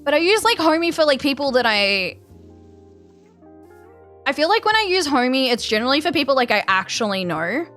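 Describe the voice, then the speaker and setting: Chatty Australian woman with a slightly high voice. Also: sing-song, fairly quick, pauses often, a bit bright, soft background music. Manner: chatty, rambling, many fillers and restarts. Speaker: game streamer. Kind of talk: casual chat with live viewers.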